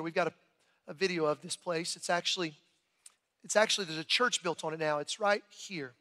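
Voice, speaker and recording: A man preaching an Easter sermon in a large church, his voice sitting high and bright. He tells the story conversationally, restarting phrases as he goes. The sound carries a long hall reverb. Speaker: pastor.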